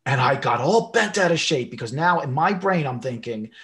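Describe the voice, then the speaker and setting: A man hosting a podcast interview, talking conversationally and telling personal stories in an animated way. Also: normal speed. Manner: animated storyteller, pitch jumps when acting out his own thoughts. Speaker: podcast host.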